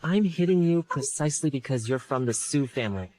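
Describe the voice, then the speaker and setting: A man voicing a fierce young general who forcefully defends his wronged sister in a dubbed period drama. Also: medium pitch, expressive, brisk, dry recording, lightly acted. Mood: defiant. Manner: forceful, indignant. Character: fierce, protective young general and elder brother.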